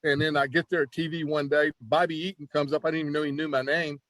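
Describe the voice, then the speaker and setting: A man who is a former pro wrestler, telling stories in a casual, animated interview with lots of "you know" and restarts. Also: a little high, quick pace, no echo.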